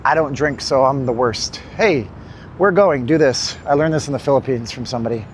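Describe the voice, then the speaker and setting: A man's voice: medium pitch, fairly quick. A man hosting a casual walking livestream, tired and winded, rambling and joking as he talks to his chat. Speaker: livestream host. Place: city street outdoors. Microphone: handheld phone. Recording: phone mic on a noisy street.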